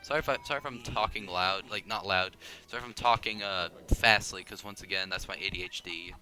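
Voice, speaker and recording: Young man, lowish voice, rambling pinball commentary, faint game music behind. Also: pushed and bright. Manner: rambling, self-deprecating, quick restarts and tangents. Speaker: gaming video creator. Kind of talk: casual gameplay commentary.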